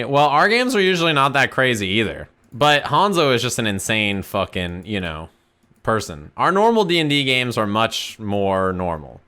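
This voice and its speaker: Bright-voiced man telling a profane story. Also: lowish voice, moderate pace. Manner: animated, profane, rambling anecdote. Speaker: streamer. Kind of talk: casual storytelling to stream chat.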